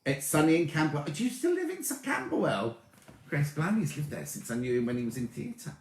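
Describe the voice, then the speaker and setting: Chatty, lively man in an echoey room. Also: a little high, a little fast, a little hiss or hum. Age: 30s. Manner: chatty, excitable, greets viewers by name. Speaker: sewing livestream host. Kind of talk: casual live-stream chat reading comments. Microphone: tablet or camera mic.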